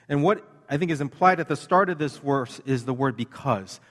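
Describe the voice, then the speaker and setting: A man preaching a sermon in an earnest, conversational way, slowing down to read scripture with emphasis. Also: medium pitch, lively intonation, fairly bright tone, in a large hall. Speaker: pastor.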